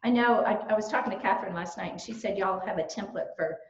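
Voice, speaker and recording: A middle-aged woman with a Southern US accent, telling stories in a lively way at a church training. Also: mid-range voice, fast talker. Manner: lively storyteller, animated quotes and laughs. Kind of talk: church talk with personal stories. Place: church hall. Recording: roomy, dull-sounding church recording.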